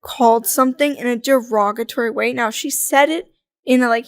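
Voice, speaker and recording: A young adult woman chatting as a podcast guest, telling lively stories, acting out quoted voices and laughing often. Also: fairly high pitch, a little fast, dry recording. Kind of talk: casual conversational interview.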